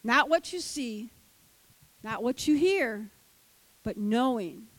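An older woman who teaches Sunday school, giving an animated sermon and acting out the voices of the characters. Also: on the high side, slow, no echo, rough recording.

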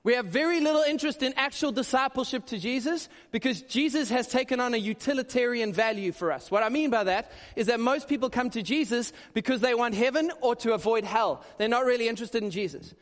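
A male pastor giving a conversational, animated sermon with quick asides. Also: very high voice. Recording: long hall reverb.

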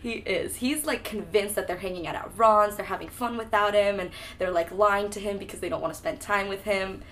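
A woman's voice: mid-range voice, brisk, a bit bright, a little hiss or hum. A young woman co-hosting a casual book-discussion podcast, breezy and sarcastic, swearing freely as she recaps. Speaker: podcast co-host.

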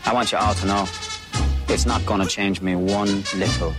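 Actor doing cocky guy who just got famous, low flat voice, loud trailer music under it. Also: moderate pace, close to an everyday voice. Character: brash man newly famous on TV.

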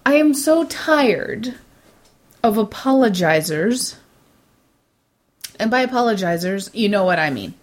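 A woman's voice: mid-range voice, unhurried, pauses often. Blunt woman ranting. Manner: blunt, swears, animated mimicry. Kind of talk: opinionated casual chat.

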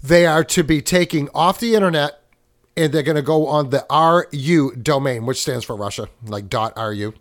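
Rambling male podcast co-host, higher voice. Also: moderate pace. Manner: rambling, self-correcting, explains with movie references. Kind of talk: casual chat.

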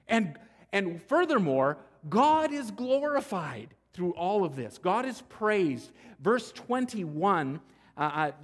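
A man preaching a sermon, emphatic and deliberate, often restarting phrases. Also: high voice. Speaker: pastor. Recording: long church-hall reverb.

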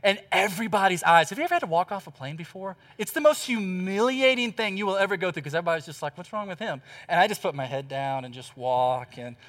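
A man preaching a sermon, telling a story with animated, emphatic repetition. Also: sits high, quick pace, few pauses. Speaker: pastor.

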